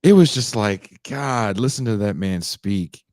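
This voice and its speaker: A man hosting a casual chat, animated and quick to slip into mocking voices. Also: on the low side. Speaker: podcast host.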